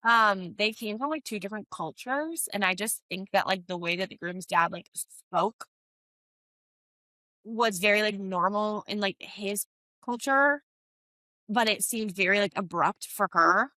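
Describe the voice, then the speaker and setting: Brief: young woman planner-host, bright tone, dry close sound, filler-heavy casual chat. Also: mid-range voice, measured pace, no room sound. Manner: chatty, many fillers like "um" and "like". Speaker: podcast host, wedding planner.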